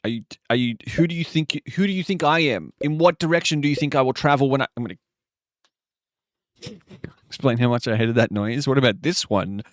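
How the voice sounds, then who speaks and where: A man streaming a word game live, muttering guesses to himself with sudden excited outbursts. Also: medium pitch, brisk, no room sound, studio quality.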